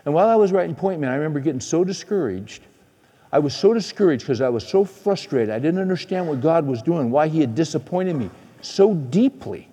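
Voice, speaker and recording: A middle-aged man preaching a storytelling sermon, swinging from excited to hushed. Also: a little high, brisk, breathy edge. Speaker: preacher and men's conference speaker. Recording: echoey hall reverb.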